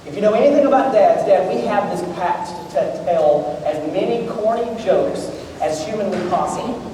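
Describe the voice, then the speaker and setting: A man in his thirties preaches with a high, light voice. He tells jokes and keeps asking the crowd questions. He is heard from far off in a big hall with a long, ringing echo. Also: expressive, moderate pace, background noise. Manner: joking storyteller, talks to the crowd. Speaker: pastor. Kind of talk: sermon. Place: large church auditorium. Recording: echoey hall recorded from far off.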